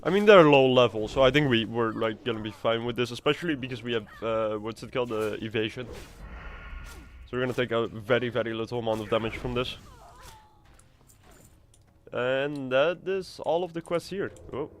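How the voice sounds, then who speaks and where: A man's voice: mid-range voice, moderate pace. A man streaming a video game, chatting casually in a rambling, self-mocking way with stammers and restarts. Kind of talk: casual gameplay chat.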